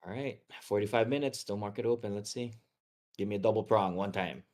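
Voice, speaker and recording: A man hosts a live stream in relaxed, chatty talk. His voice sits a little low, and he restarts his phrases often and laughs easily. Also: brisk. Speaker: live stream host and chart analyst. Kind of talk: casual chat.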